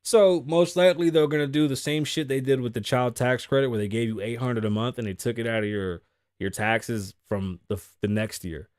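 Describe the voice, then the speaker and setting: A man's voice: medium pitch, steady tone, normal speed, darkish tone, dry recording, clean studio sound. A young man hosting a casual talk show, reading news stories aloud and riffing on them bluntly with profanity. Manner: blunt, profane, riffs on stories with acted quotes. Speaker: podcast host.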